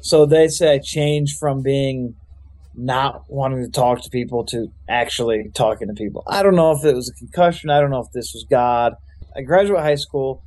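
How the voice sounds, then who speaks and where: A man's voice: mid-range voice, normal speed, darkish tone. A young man, a youth pastor, telling his life story in a loose, rambling way with lots of fillers. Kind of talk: casual storytelling testimony.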